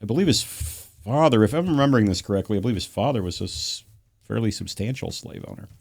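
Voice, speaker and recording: A man's voice: on the low side, animated, fast talker, gravelly, darkish tone. A man appearing as a guest guide who answers interview questions carefully, hedging as he recalls facts.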